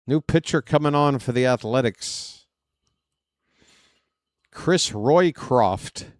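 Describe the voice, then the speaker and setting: Guy streaming his own play-by-play, smooth clear voice, slow and dry, gets loud on big plays. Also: mid-range voice, no room sound. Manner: excitable, shouts on big plays, rambling asides. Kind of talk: fan play-by-play commentary.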